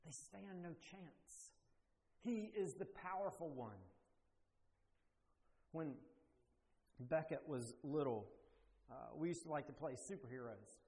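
A man preaching a sermon as pastor, emphatic and deliberate, with slow pauses that build to forceful declarations. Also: on the high side, vocal fry, in a large hall.

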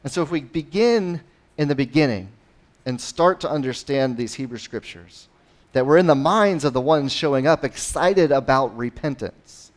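A man preaching a sermon in a conversational style, rising and dropping in loudness and pitch, with frequent "right?" asides. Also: lively intonation, normal speed. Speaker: pastor.

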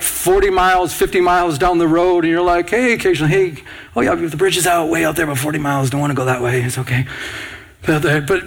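A male pastor delivers an earnest, pressing sermon. His voice sits somewhat high, and he often breaks off and restarts his phrases as he drives his point home. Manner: earnest, urgent preaching with repeated restarts.

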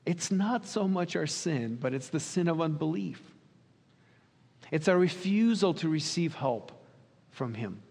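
A man's voice: a little high, animated, unhurried, creaky, a little mellow, breathy edge. A man preaching a sermon in an earnest, questioning way, sometimes acting out quoted dialogue. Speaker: pastor. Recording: long reverb of a hall.

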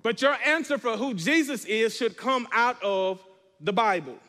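A man's voice: very high-pitched, lively intonation, a little slow, bright, forceful tone, in a large hall. A man preaching a sermon as pastor, reading scripture and calling on the congregation to respond. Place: church.

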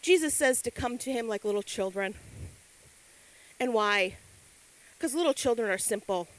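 A middle-aged woman giving a sermon, telling stories with lively acted-out quotes. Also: on the high side, normal speed, poor audio. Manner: animated storytelling with acted quotes. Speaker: speaker.

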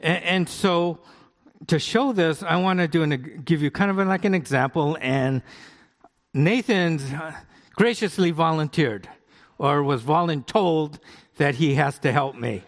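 A middle-aged American pastor preaching in a conversational way, often asking the congregation questions. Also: male voice, fairly high pitch, measured pace. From United States. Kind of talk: sermon with live demonstration. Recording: long hall reverb.

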